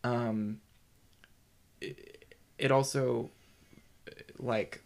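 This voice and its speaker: A man co-hosting a podcast, chatting casually and rambling with many halting restarts. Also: medium pitch, steady tone, gravelly, a little mellow. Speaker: podcast co-host. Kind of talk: casual chat.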